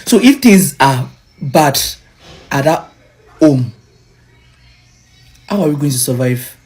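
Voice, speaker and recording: A man with a Nigerian accent, an international student, ranting loudly and incredulously, repeating himself. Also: a little high, lively intonation, slow pace, long pauses, husky, soft background music. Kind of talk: heated selfie rant.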